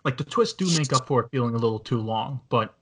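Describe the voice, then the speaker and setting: A man's voice: mid-range voice, quick pace, fairly bright tone, husky. A man hosting a casual movie review podcast, talking in a rambling way with many fillers and restarts. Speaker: podcast host.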